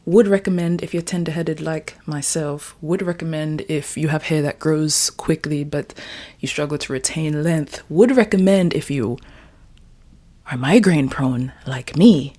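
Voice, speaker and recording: Alone in her room, a twenties-aged vlogger from Jamaica chats about her writing in a playful, meandering way. She speaks a little slowly in a low, dark voice.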